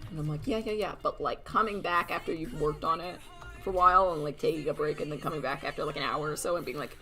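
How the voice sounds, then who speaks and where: A woman's voice: low voice, fast, pushed and bright. A young woman chatting casually while she draws on stream, rambling and giggly, poking fun at herself. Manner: rambling, giggly, self-mocking, acts out quoted voices. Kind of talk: casual chat while drawing. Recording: faint background music.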